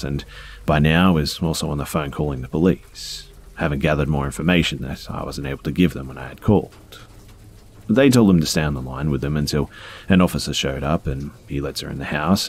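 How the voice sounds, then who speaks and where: A man calmly reading first-person scary stories aloud, in a measured storytelling manner. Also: a bass voice, slight background noise. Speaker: story narrator.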